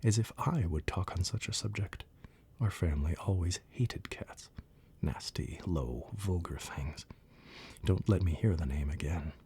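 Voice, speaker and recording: A man whispering a shrill, indignant little mouse. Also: a little slow, warm tone, breathy edge, heavily acted. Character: touchy, shrill little mouse, easily offended. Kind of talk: whispered role-play.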